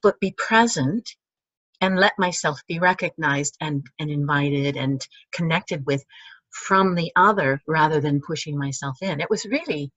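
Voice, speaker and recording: A woman speaks as an interview guest, musing aloud in halting phrases that often trail off and restart. The sound is dull and dry, as if from a video call. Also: sits low, a bit bright, dry recording. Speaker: guest, teacher. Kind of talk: casual conversational interview.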